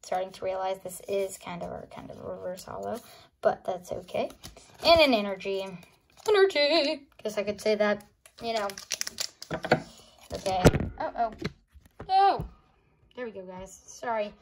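A woman opening trading cards for a casual vlog, excitable and gasping, often calling out to her viewers, recorded on a phone. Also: medium pitch, moderate pace, pauses often, a little hiss or hum. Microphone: phone on a charger.

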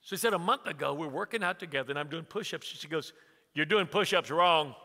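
Bright, high-voiced preacher in a reverberant hall. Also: male voice, expressive, fast. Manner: humorous storytelling preacher, acts out family conversations. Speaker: pastor. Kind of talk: sermon. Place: church sanctuary.

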